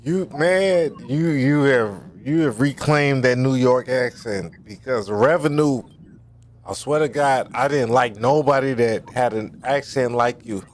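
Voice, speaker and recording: A man's voice: medium pitch, measured pace, a little hiss or hum. A man in loose podcast banter, teasing and calling on the others by name.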